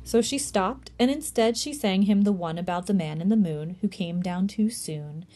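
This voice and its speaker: A woman librarian reading a chapter book aloud for a tween storytime, gentle and even. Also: medium pitch, normal speed.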